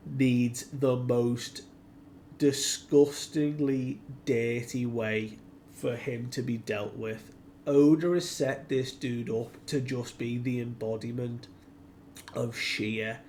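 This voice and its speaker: A man's voice: mid-range voice, gravelly, a little mellow, a little hiss or hum. A man giving casual commentary as a manga reviewer, retelling scenes animatedly and acting out the quotes.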